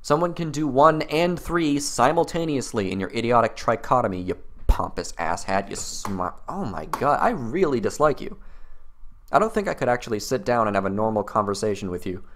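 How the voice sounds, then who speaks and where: A man's voice: sing-song, moderate pace, a bit bright. A man hosting a commentary video, rebutting clips in a mocking, exasperated tone. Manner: mocking, exasperated, mimics opponents in high voices.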